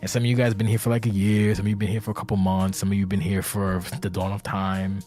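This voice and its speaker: Brief: man with a lowish voice, rambling and profane, sounds tired and anxious, faint music underneath. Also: flat delivery, quick pace, a little mellow. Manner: rambling, profane, self-interrupting. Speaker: community leader of an online wrestling game league. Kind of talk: casual podcast monologue. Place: indoors, seated.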